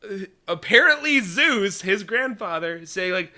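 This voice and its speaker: A young man co-hosting a casual anime review chat, animated and laughing often. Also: high voice, a little slow. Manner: animated, laughs often, acts out characters in exaggerated voices. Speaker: podcast co-host.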